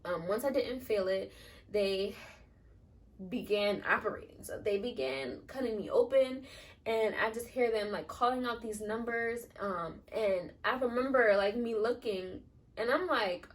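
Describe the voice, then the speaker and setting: A woman's voice: on the high side, unhurried, distant mic. A young woman telling a personal story in a rambling, chatty way, leaning on "like" a lot. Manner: chatty, rambling, leans on filler "like". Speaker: new mother vlogger. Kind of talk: casual storytelling.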